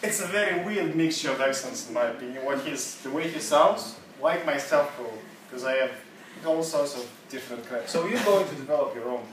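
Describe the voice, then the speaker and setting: A man's voice: medium pitch, lively intonation, fairly quick. A male English teacher leading a classroom seminar, conversational and quizzing his students. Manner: conversational, asks the class, laughs often. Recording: echoey classroom from far off, noisy.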